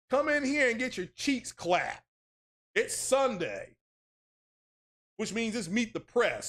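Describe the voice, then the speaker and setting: A man hosting a gaming livestream, ranting in an animated, mocking way and talking to his chat. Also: high voice. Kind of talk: casual livestream rant.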